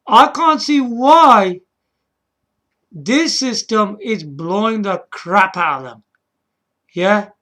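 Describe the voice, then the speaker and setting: A man's voice: high voice, lively intonation, slow, pauses often, pushed and bright. A man hosting a gaming video in casual, rambling commentary, often checking in with the viewer and chuckling at himself. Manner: frequent restarts and chuckles.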